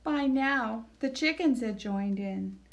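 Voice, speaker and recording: Slow, gentle storytime librarian woman. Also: a little high, animated, creaky. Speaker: children's librarian. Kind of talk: reading a picture book aloud.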